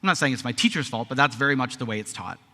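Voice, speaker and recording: A man's voice: medium pitch, animated, very fast, pushed and bright. A man in his thirties giving a speech at a conference, talking in a conversational way and often tagging on a question. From Canada. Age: 30s. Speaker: conference speaker. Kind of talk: speech to a live audience. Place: large conference hall. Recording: echoey hall.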